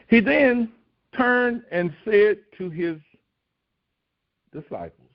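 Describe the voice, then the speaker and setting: A man preaching a recorded devotional sermon, asking rhetorical questions and pushing his voice high when he acts out pleas. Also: big pitch swings, slow pace, long pauses. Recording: dull lo-fi recording.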